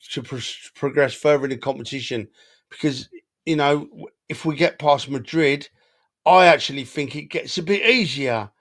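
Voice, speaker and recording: Brief: male co-host, mid-pitch, emotional and animated, repeats himself in casual football banter. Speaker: podcast co-host.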